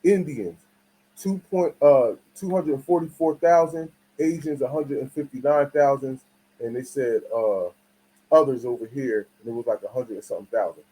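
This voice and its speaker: A man talking to his audience in a loose, slangy commentary. He tells his story in a roundabout way, breaks off mid-phrase and starts over, and keeps asking whether listeners get his point. His voice sits at an ordinary middle pitch for a man. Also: moderate pace, warm tone, slightly rough, rough recording. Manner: rambling, slangy, restarts often; asks the audience for agreement. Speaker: channel host.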